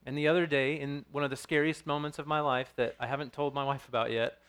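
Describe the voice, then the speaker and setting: A man's voice: mid-range voice, flat delivery, fast talker, a bit bright, clean tone. A man in his thirties preaching a sermon as pastor, earnest and storytelling, with frequent restarts.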